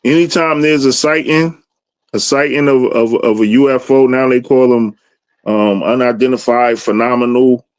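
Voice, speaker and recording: A man's voice: medium pitch, steady tone, moderate pace, clean tone, no echo. A man with a mid-range voice talks in an easy, rambling way, checking in with his listeners as he goes. The sound is dry and close, with no room around it. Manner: loose, conversational, frequent "you know what I mean". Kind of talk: casual religious discussion.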